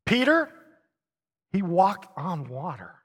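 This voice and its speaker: Middle-aged male pastor, slightly higher voice, animated storyteller with chuckles, long reverb of a large church hall. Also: slow pace, husky. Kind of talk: sermon.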